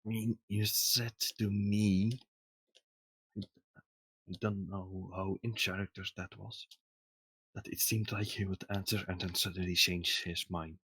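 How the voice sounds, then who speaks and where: A man's voice: low-pitched, fairly even intonation, takes it slowly, sharp tone, husky, dry recording, poor audio. A man playing a tabletop role-playing game, asking questions in a thoughtful, casual way. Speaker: player.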